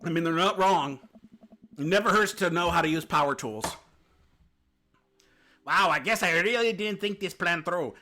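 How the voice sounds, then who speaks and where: A man's voice: high voice, expressive, normal speed, pauses often, bright, forceful tone. A man streaming a dating sim, reading the story aloud with playful, jokey asides.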